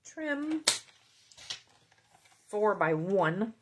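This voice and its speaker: A woman's voice: mid-range voice, big pitch swings, extremely slow, noisy background. A middle-aged woman hosting a card-making tutorial, chatting casually with viewers and greeting commenters by name as she works. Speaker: card-making video host.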